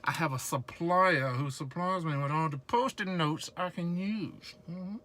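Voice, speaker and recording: Here's a man from South Georgia, near North Florida, vlogging casually from his truck cab as a truck driver. His voice runs slightly high with a sharp edge, and his Southern-accented chat is jokey and meandering.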